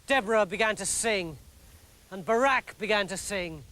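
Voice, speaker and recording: An English man telling a comic story in a lively, mock-dramatic narrating voice. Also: sits high, normal speed.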